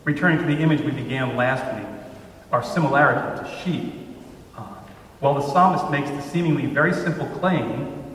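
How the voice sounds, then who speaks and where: A man preaching a sermon as pastor, measured, slowing down to stress scripture lines. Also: medium pitch, fairly bright tone, a little hiss or hum. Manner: measured, with slow emphatic pauses on scripture. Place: church sanctuary. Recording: roomy church hall from far off.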